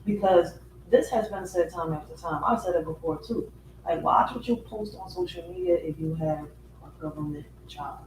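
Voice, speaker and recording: A high-voiced man comments casually on a viral clip in a loose, chatty manner. He sits back from the mic in an echoey room with a faint hiss behind him. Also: normal speed, distant mic. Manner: loose, chatty, with many fillers. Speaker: reaction video host.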